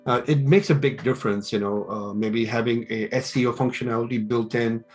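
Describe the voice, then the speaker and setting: Middle-aged guy teaching business, talks like he's telling stories, acts out the back-and-forth, soft music under it. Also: medium pitch, a little fast. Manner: animated storytelling with quoted dialogue. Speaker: interviewer, business school teacher. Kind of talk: casual interview talk, giving advice.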